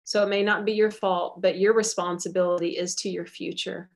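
Woman speaker, faith teaching, fry-tinged, earnest and encouraging. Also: fairly low pitch, little pitch movement, fairly quick, a little hiss or hum. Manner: earnest, encouraging, repeats key phrases. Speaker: guest speaker on soul care.

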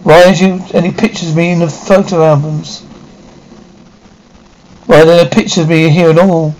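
An actress playing a rebellious grown daughter who feels trapped at home, speaking in sharp, scornful outbursts in a 1950s TV drama style. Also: female voice, fairly low pitch, level tone, normal speed, close to an everyday voice, rough recording. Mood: distraught. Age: young adult.

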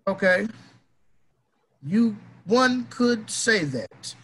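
A man's voice: sits high, animated, extremely slow, fairly bright tone, slightly rough, low-quality recording. A man ranting in a casual opinion talk, emphatic, heated and profane.

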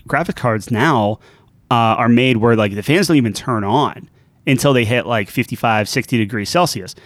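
Male co-host, rambly and hesitant, mid-pitched voice, dry close mic. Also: normal speed, no room sound. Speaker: podcast co-host. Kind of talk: casual chat. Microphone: studio dynamic microphone.

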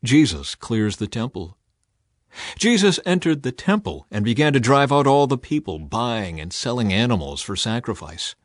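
A man reads scripture aloud, his pitch rising and falling with lively expression. The recording is dry and close, with no room sound, and his voice sits at an average pitch. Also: normal speed, no room sound. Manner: expressive reading with a lively rise and fall. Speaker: scripture reader. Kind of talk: dramatized scripture reading.

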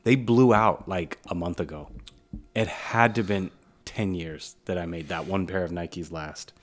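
A man co-hosting a casual podcast tells a long, rambling anecdote, quoting people and imitating them along the way. He speaks in a low-pitched, unhurried voice.

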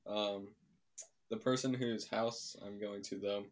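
Laid-back low-voiced young man. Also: fairly even intonation, takes it slowly. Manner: laid-back, a bit tired. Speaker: podcast co-host. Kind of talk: casual chat.

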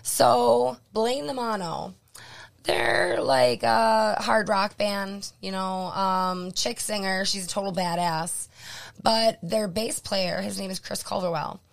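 Hoarse woman radio co-host, gravelly. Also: mid-range voice, fairly even intonation, slow pace. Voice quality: gravelly, throat-clearing. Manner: blunt, joking, lots of ums. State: losing her voice, hoarse. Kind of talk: casual radio chat.

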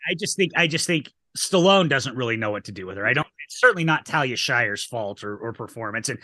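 A man co-hosting a podcast, talking in a measured, analytical way. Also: mid-range voice, expressive, pushed and bright, no echo. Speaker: podcast co-host. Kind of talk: casual podcast chat.

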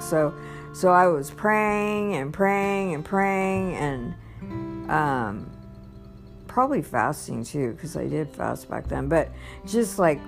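A woman's voice: on the low side, lively intonation, slow, vocal fry, faint music behind. A woman telling her personal testimony in a casual, rambling way, with many restarts and bursts of laughter. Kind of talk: casual storytelling.

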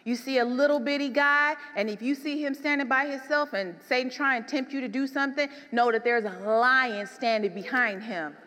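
Woman preacher, fairly high voice, animated and emphatic, long hall echo. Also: moderate pace, hardly any pauses. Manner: animated, swings from soft to emphatic. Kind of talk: sermon.

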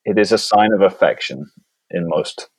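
Deep dry-witted Bristol man, close dry sound, podcast guest. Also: normal speed, slightly rough, dry recording. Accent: Bristol English. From England. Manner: dry, deadpan wit. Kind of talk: casual chat.

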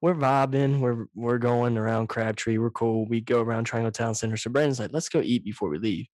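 A man's voice: medium pitch, a little fast, darkish tone, no echo. A young man hosting a podcast over a video call, telling stories casually with plenty of swearing and laughter, sitting very close to his microphone. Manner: profane, laughing, storytelling. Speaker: podcast host. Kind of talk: casual chat. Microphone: very close to the mic, loud.

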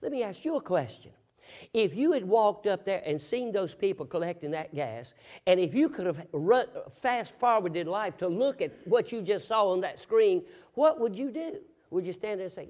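Here a man gives a sermon built around a down-home story, speaking at normal speed in an expressive voice that sits high. He keeps asking rhetorical questions and breaks into booming, emphatic outbursts.

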